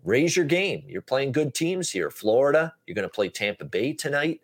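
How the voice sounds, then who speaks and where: A man's voice: mid-range voice, sing-song, normal speed, breathy edge. A man hosting a sports betting podcast, talking at length in a casual way with many "uh" fillers. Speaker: podcast host.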